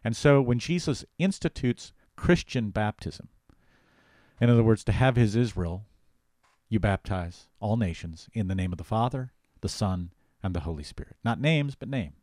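A man's voice: on the low side, lively intonation, normal speed, a little mellow, no echo, studio quality. A male pastor teaching the Bible in casual conversation, talking emphatically and animatedly, often restarting his sentences.

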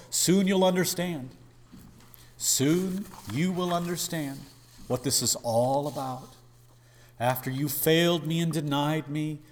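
A male preacher voicing a gentle, patient teacher who speaks tenderly and slowly during a sermon. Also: a little high, big-room sound, voice pushed up, natural voice. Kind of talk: sermon with acted quotes.

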